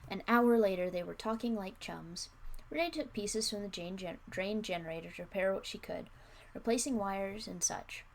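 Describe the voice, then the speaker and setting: A woman's voice: medium pitch, moderate pace, vocal fry, a little hiss or hum. A young adult woman reading her own old story aloud, breaking off for wry, self-mocking comments. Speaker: streamer. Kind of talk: reading aloud with casual asides.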